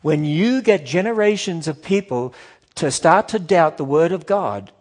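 A man giving a sermon-style talk to a church audience, emphatic and animated, firing off rhetorical questions and acting out the objections people raise. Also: on the high side, measured pace. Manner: acts out quoted objections in shifting voices; emphatic, repetitive build-ups. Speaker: Christian speaker addressing a church audience.

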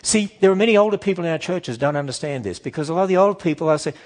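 A man giving a sermon-style talk to a church audience, emphatic and animated, firing off rhetorical questions and acting out the objections people raise. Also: a little high, rapid-fire. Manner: acts out quoted objections in shifting voices; emphatic, repetitive build-ups. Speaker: Christian speaker addressing a church audience.

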